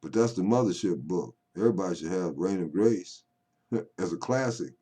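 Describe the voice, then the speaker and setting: A man's voice: low-pitched, expressive, moderate pace, mellow. An older man talking at home to camera in a rambling, folksy monologue that swings into call-and-response preaching. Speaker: poet vlogger.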